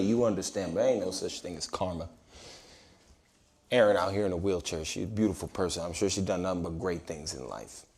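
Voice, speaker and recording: A man doing crowd-work stand-up on a comedy club stage, brash and teasing, with loud bursts and mock apologies. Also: deep voice, lively intonation, fairly quick. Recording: live club recording, audience laughter.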